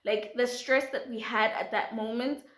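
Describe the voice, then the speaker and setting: A young South African woman vlogger, telling a story with animated drama and switching quickly into isiZulu. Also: a little high. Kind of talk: storytime vlog. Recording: roomy echo.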